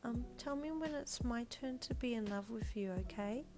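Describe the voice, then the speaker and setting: Woman reading as a timid little boy, quiet, stammering, higher pitch, storybook. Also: normal speed, faint music behind, lightly acted. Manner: soft, hesitant, stammering. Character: shy, gentle little boy.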